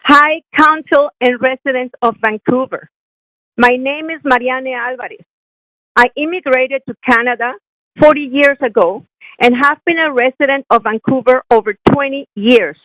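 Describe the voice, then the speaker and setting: A woman's voice: high voice, moderate pace, fairly bright tone, dry recording, rough recording. A middle-aged woman calling in by phone to give an earnest prepared comment at a council meeting, with small restarts as she reads. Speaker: public speaker at council, swim coach. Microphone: phone line.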